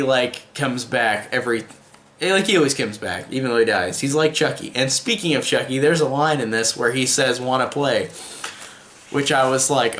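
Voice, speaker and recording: A man's voice: medium pitch, fairly bright tone, slight background noise. Young guy rambling thru a tv episode review, lots of likes and restarts, echoey room. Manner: rambling, with many fillers and restarts. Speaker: video reviewer. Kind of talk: casual video review. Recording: roomy echo.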